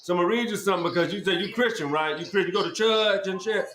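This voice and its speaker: A high-voiced man hosts a podcast and scolds his guest in a loud, profane rant, repeating himself over and over. His voice bounces around an echoey room, with a faint hiss of noise underneath. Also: racing. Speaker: podcast host.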